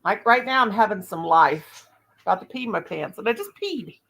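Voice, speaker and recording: A woman's voice: medium pitch, expressive, moderate pace, gravelly, a bit bright, slightly rough, rough recording. A woman in her fifties hosts a live stream with casual, unfiltered chat. She rambles through candid stories and speaks bluntly, with no care for who might be offended.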